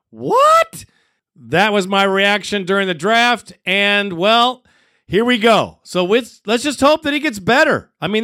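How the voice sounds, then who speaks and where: Bright, high-voiced sports show host. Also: male voice, smooth. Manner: energetic, friendly, calls listeners brother. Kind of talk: podcast sports talk.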